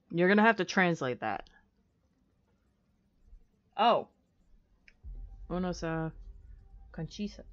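Low-voiced American woman chatting on stream. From United States. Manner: candid, profane and self-mocking. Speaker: live streamer. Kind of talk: casual chat with viewers. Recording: dull lo-fi stream audio. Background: faint music.

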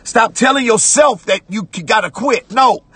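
A man preaching a sermon as pastor, repeating phrases and breaking into shouts while reading scripture. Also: sits high, moderate pace, slightly rough, no room sound. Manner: preaching with repetitions, rising to shouts; conversational church talk, "watch this".

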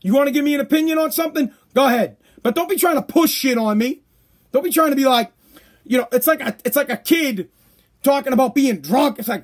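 A man's voice: extremely high pitch, fairly quick, fairly bright tone. A man hosting a podcast, ranting bluntly and profanely in a casual monologue. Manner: profane, blunt, worked-up rants. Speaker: podcast host.

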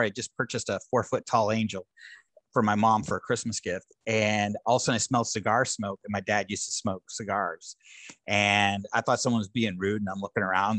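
A man's voice: fairly low pitch, fairly bright tone, dry recording. A man, a podcast guest, earnestly recounting his personal paranormal experiences as a storyteller who acts out family dialogue. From United States. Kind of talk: telling personal paranormal stories.

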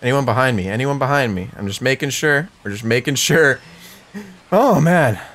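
A young man doing live gameplay commentary for his channel, excitable and talking straight to his viewers. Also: mid-range voice, a little fast. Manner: excitable, talks to viewers, shouts at wins. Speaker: gaming YouTuber.

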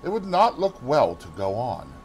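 A man voicing a worldly older gentleman who speaks in a dry, dismissive way, in an audiobook reading. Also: mid-range voice, huge pitch swings, normal speed, gravelly, slightly rough, heavily acted. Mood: cool.

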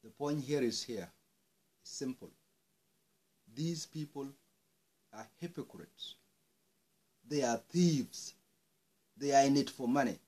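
A man's voice: mid-range voice, expressive, slow pace, pauses often, mellow. A man from South Sudan delivering an angry, impassioned monologue, swearing and rising into outbursts. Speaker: speaker airing grievances.

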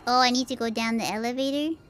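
A woman streaming games live, talking excitably with frequent giggles and dramatic outbursts. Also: a little high, fast. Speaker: game streamer. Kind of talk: live gameplay commentary.

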